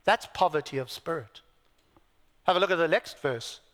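A man's voice: fairly high pitch, normal speed, a bit bright, big-room sound. A man preaching a sermon, emphatic, asking his listeners rhetorical questions, with dry self-deprecating asides. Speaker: pastor.

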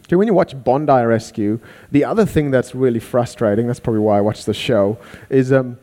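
A man preaching a sermon, animated, acting out the people he quotes. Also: mid-range voice, brisk. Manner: animated, acts out quoted voices.

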